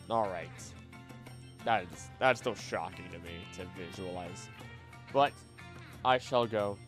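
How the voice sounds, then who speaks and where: A man chatting casually on a live stream, animated and talking to himself and his pet. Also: on the low side, a little slow, over music. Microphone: desk microphone.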